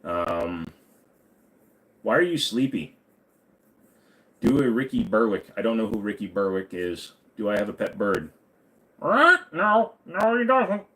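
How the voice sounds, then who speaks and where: A man's voice: lowish voice, measured pace, pauses often, slight background noise. A man hosting a casual livestream, reading viewer questions aloud and answering offhand with lots of ums and uhs.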